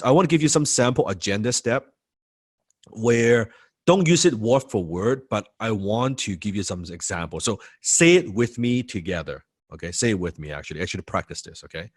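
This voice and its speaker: A man teaching a sales training lesson, repeating key points and acting out what prospects say. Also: fairly low pitch. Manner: animated, repeats key phrases, acts out prospects' replies.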